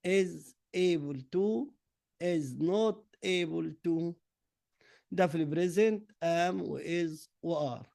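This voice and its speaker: A male English teacher whose first language is Arabic, with an Egyptian accent. His voice sits high and moves at a slow, deliberate drilling pace as he reads answers one word at a time. The recording is dry and close. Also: creaky, a little mellow, dry recording. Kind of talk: classroom lesson mixing Arabic and English.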